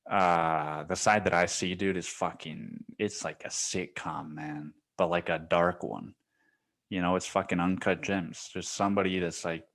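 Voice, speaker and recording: Low-voiced, swearing podcast host. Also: male voice, fairly bright tone. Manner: profane, laughing storyteller. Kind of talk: casual monologue.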